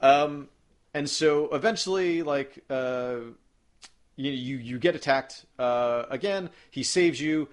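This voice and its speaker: Casual male podcaster, rambling and excited, mid-pitch, swears freely. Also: slow. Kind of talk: casual chat about video games.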